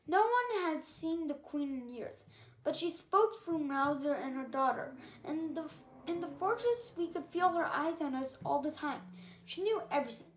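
A woman reading a novel aloud in the first person, telling the story as the main character. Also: sits high. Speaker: reader.

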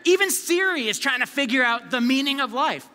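A man preaching a live sermon as a youth pastor, energetic and conversational, calling on the crowd to answer back. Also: very high-pitched, brisk. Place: church service hall. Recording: long reverb of a large hall.

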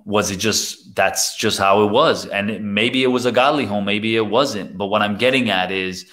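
A man hosting and preaching a sermon in an earnest, halting way, often going soft and quiet. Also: on the low side. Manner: earnest, with pauses and repeated words. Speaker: host and preacher. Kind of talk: preaching to camera.

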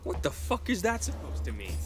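A man's voice: high-pitched, wildly swooping pitch, fairly quick, music in the background. An actor playing a hot-tempered male survivor who swears angrily. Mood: angry. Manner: angry, swearing.

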